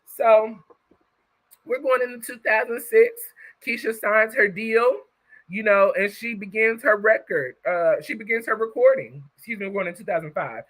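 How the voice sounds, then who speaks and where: A woman hosting a live stream, telling a long story to her viewers in an easygoing, conversational way. Her voice hasn't warmed up yet, and she keeps tagging her lines with "you know" and "okay?" and breaks off now and then to greet people in the chat. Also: a little high, moderate pace, rough recording. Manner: greets viewers by name while talking. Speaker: livestream host. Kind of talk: casual livestream storytelling.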